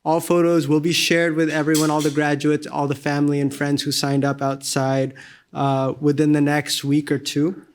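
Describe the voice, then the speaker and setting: A man's voice: fairly high pitch, completely flat delivery, moderate pace, slight background noise. A man hosting a graduation ceremony, thanking the speaker and giving closing announcements. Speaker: ceremony host.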